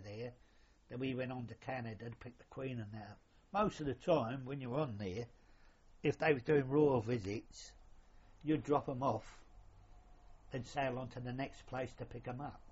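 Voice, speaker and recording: This older interviewee, who served as a sailor on the royal yacht, casually rambles through his memories in plain speech with a bit of mild swearing. His medium-pitched voice is slightly rough and steady, at a normal speed, heard through a dull lo-fi recording.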